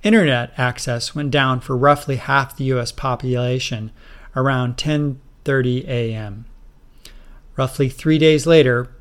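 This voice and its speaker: Man, storyteller, scripted narration, steady delivery, mid-pitched voice.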